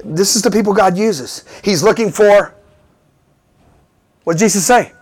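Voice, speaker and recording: A man's voice: sits high, a little slow. A man preaching a sermon in call-and-response style, building to emphatic bursts.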